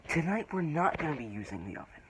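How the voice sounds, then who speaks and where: A man's voice: on the high side, big pitch swings, fast talker. A man hosting a joking home cooking vlog. He rambles, swears and makes fun of himself, a little out of breath, filming on a phone. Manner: self-mocking, swearing, rambling. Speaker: cooking vlogger. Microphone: phone held on his arm. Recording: loud background noise.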